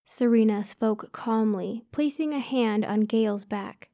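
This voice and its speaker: A woman's voice: fairly high pitch, slow pace, mellow, dry recording, studio quality. A woman narrating a first-person story aloud, giving each character a light voice of their own.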